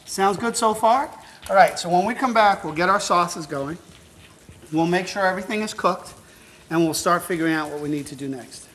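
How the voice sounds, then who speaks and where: A man's voice: high voice, normal speed, a bit bright, slight background noise, poor audio. Chatty, encouraging cooking show host, a man. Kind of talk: upbeat instructional cooking demo. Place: show kitchen at the stove.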